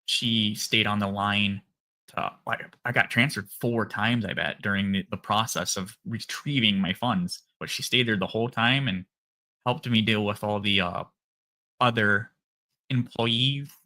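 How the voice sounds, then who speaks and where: A man with a Minnesota accent, hosting a live stream and casually telling a long story, acting out phone calls in animated voices. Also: lowish voice, unhurried.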